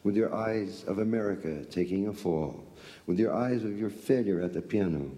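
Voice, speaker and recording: A man's voice: low-pitched, mellow. A man reading his poem aloud in an incantatory, chanting way, repeating line after line. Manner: incantatory, chanting repetitive lines. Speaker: poet. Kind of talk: poetry reading. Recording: long hall reverb.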